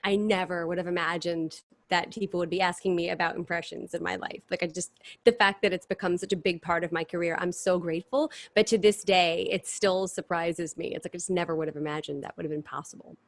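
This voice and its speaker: A woman's voice: fairly low pitch, steady tone, fairly quick, hardly any pauses, dry recording. A woman in her thirties, a stage performer, chatting animatedly about her career in a casual interview over a video call. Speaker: guest performer.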